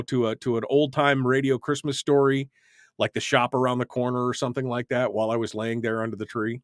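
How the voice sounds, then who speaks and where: A man hosting a call-in radio talk show, chatting casually and fondly reminiscing with halting restarts. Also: mid-range voice, fairly bright tone, no room sound, clean studio sound. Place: radio studio.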